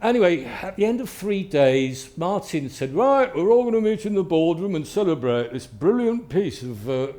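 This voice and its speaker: A man, an author, telling anecdotes to a live audience in a lively storytelling manner and acting out what people said. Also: high-pitched, normal speed, few pauses. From Britain. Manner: lively storyteller, acts out quotes. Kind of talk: anecdotal talk.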